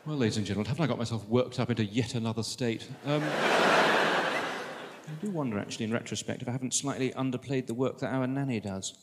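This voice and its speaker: A man's voice: medium pitch, fast. A man doing a wry, self-mocking stand-up routine. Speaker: stand-up comedian. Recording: live venue reverb with loud noise.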